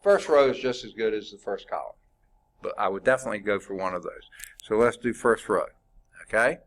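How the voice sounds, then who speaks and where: A man with a fairly low voice teaches a math class. He works through problems out loud and keeps asking the students questions. His manner is informal and chatty, and he wanders into the odd aside. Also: a little fast. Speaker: math instructor. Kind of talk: classroom lecture.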